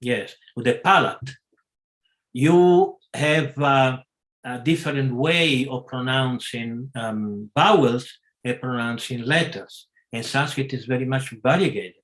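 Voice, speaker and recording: A man leads a scripture class at a very unhurried pace. He gropes for words, stops often and corrects himself as he goes. His voice sits at an ordinary middle pitch. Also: fairly bright tone. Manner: halting, many pauses and self-corrections. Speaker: class speaker.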